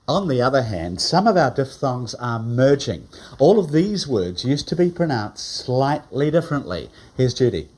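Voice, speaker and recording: A man's voice: mid-range voice, big pitch swings, moderate pace, few pauses, darkish tone. A man with a New Zealand accent giving wry, scripted documentary narration.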